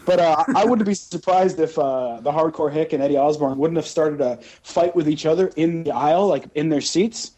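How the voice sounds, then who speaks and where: A fairly high-voiced man with a warm, mellow tone, co-hosting a casual chat. He rants with animated energy and breaks into mocking impressions. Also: normal speed, hardly any pauses. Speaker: podcast co-host.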